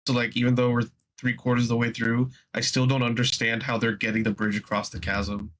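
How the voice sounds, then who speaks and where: A man's voice: mid-range voice, little pitch movement, fairly quick, fairly bright tone. A man in a casual book chat, thinking aloud and puzzling over details with many restarts. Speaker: book club participant.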